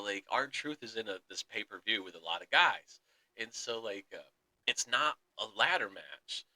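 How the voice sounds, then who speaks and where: Animated, bright-voiced podcast guy. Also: fairly high pitch, rough recording. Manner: excited storytelling, acts out quotes, laughs often. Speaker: podcast co-host. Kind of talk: casual sports chat.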